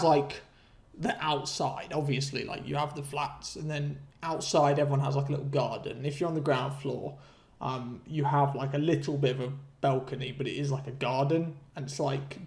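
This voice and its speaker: A young man ranting casually through a story to camera, swearing freely, laughing mid-sentence and jumping up in pitch when outraged. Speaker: vlogger.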